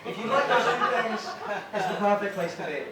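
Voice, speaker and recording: A man's voice: high voice, animated, normal speed, a loud crowd. A man doing a stand-up comedy set and hosting the night, telling wry stories and acting out characters on stage. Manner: wry, storytelling, acting out street sellers. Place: comedy club stage with a live audience. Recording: echoey club room, mic heard from a distance, noisy.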